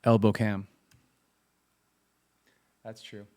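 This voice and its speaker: Slow, low-voiced man chatting while jamming. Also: little pitch movement, a little mellow. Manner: rambling, muttering to himself while fiddling with gear; chats with viewers, self-deprecating. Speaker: musician streaming a live jam. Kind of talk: casual livestream chat.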